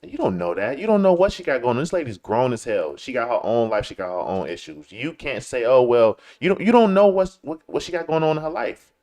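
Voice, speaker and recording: This streamer host speaks a little fast in a very animated, slightly mellow medium-pitched voice. His live-stream commentary is a combative, repetitive rant full of stumbling restarts. He mimics people he's mocking with whiny voices.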